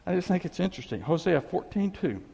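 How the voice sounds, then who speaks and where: A preacher delivers a folksy sermon in a high, lively, gravelly voice with a husky edge. His words ring out with a long, echoing reverb. He keeps it animated and chatty, dropping in laughing asides. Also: fast. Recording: echoey hall with long reverb.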